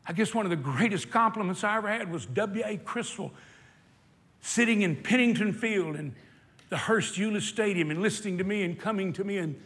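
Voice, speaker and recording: High-voiced impassioned male preacher. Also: fairly bright tone. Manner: impassioned storytelling, slowing for emphasis. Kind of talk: sermon. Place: hot indoor meeting hall.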